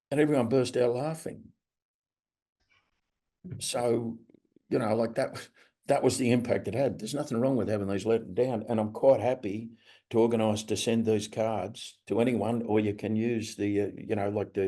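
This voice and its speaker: A man with an Australian accent presenting a webinar, telling anecdotes and acting out quoted people in a higher voice. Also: warm tone. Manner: anecdotal, acts out quoted voices in a raised pitch. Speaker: webinar presenter on restorative practice. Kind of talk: storytelling presentation.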